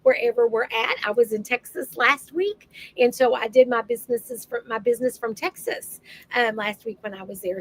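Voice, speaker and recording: Lady doing a live beauty sales chat, high voice, folksy, lots of ums. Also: rough recording. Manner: chatty, folksy, with many ums. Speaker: beauty consultant and sales director. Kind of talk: live-streamed sales talk. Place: home in Kentucky.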